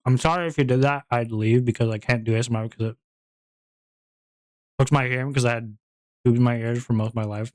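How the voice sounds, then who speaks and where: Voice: medium pitch, steady tone, quick pace, long pauses, darkish tone, no echo, clean studio sound. A streamer in casual stream chat, playful and rambling, with frequent giggles, talking into a home streaming mic.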